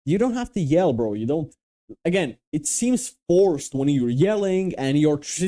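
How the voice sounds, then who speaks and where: A man's voice: on the high side, big pitch swings, measured pace, warm tone. A young man from Romania giving casual, blunt, profane advice with emphatic restarts. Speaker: dating and confidence coach.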